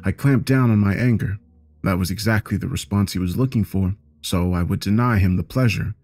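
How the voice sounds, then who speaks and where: A man narrating a first-person story with a steady, plain delivery. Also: sits low, brisk.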